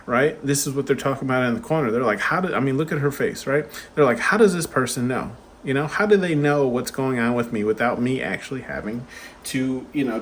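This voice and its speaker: A man's voice: mid-range voice, a little hiss or hum. A man giving a casual pick-a-card tarot reading, rambling and chatty with lots of fillers and asides.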